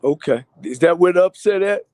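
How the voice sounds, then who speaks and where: A man's voice: high voice, animated, fairly quick, a little mellow, no room sound, clean studio sound. A man, a coach guesting on a video call, laid-back with short plain answers. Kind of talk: casual sports chat.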